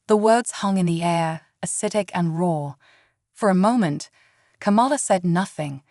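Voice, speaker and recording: Woman, story narration, low pitch, dry recording. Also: normal speed, darkish tone, no room sound.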